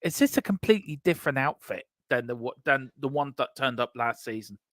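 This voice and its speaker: Animated, jokey man. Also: mid-range voice, brisk, no room sound, studio quality. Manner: animated, jokey, repeats himself. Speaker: co-host of a fan channel show. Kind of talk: casual fan chat, reading comments.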